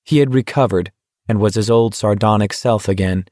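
Steady male audiobook narrator. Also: fairly low pitch, normal speed, no echo, studio quality.

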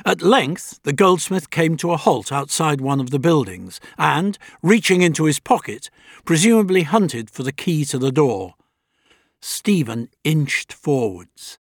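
A man reading a story aloud in a measured, dramatic narrating style. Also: fairly high pitch, big pitch swings, breathy edge, no echo, clean studio sound. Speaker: audiobook narrator. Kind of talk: scripted narration.

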